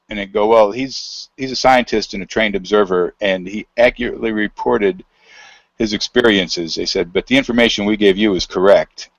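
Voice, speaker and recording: A man's voice: on the low side, fairly quick, no room sound, highs cut off. A middle-aged man as an interview guest, telling a long anecdote over a video call in a casual, rambling way, with many fillers and quoted dialogue.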